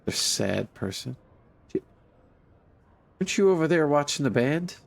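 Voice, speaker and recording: A man's voice: a little high, big pitch swings, a little slow, gravelly. A congested man streaming a game, chatting casually in a wry, rambling way with many fillers. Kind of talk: casual gameplay commentary.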